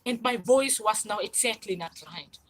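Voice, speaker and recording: A woman's voice: medium pitch, moderate pace, poor audio. Rambling woman in her forties. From South Africa. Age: 40s. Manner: rambling, repetitive and insistent. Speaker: channel host. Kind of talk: livestream monologue.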